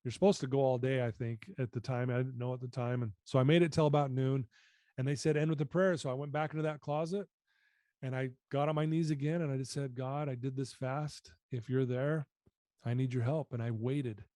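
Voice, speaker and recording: A man guest on a podcast, earnestly telling a personal story and often dropping his voice low. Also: steady tone, brisk, dark tone, no echo, studio quality. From United States. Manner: earnest, reflective, often drops voice.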